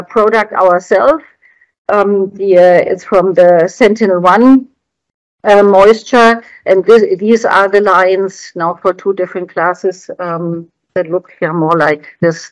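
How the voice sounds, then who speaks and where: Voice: mid-range voice, no room sound, rough recording. A researcher giving a conference presentation, explaining graphs on slides in a hesitant, word-searching way.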